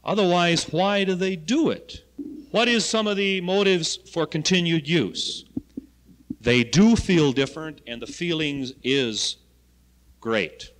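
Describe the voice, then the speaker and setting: A man who coordinates school health education, giving an animated lecture to students with loud points and quiet asides. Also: a little high, slow. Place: college lecture hall. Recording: archival 1970 lecture recording in a reverberant hall.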